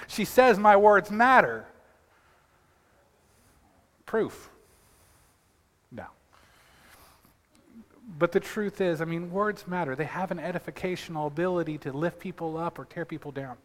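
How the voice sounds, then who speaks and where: A man's voice: sits high, a little slow, pauses often, a bit bright, long reverb tail. A man preaching a sermon as pastor, talking in a loose conversational way with restarts and repeated words, calling out to his congregation for responses. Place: church sanctuary.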